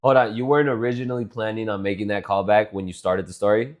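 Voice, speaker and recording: A man's voice: lowish voice, flat delivery, quick pace. A young man co-hosting a podcast with his sister, teasing her bluntly and swearing in casual chat. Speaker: podcast co-host.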